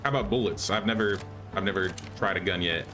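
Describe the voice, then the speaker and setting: Over music, a young man streams a survival game, talking fast in a low voice. He chats casually and thinks aloud, restarting often, in the style of live gameplay commentary.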